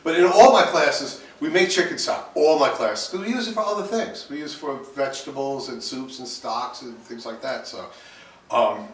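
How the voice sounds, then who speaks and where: A man's voice: mid-range voice, normal speed. A man teaching a cooking class to students, repeating himself and restarting his sentences, with the odd bold exclamation. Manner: repetitive, restarts often, switches to bold exclamations. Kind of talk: classroom lecture. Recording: echoey classroom, distant mic, faint hiss.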